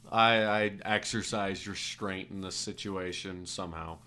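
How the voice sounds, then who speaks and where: A man's voice: low-pitched, steady tone, unhurried, pushed and bright, clean tone. A man streaming a game while telling a rambling, self-correcting story in casual, occasionally profane speech.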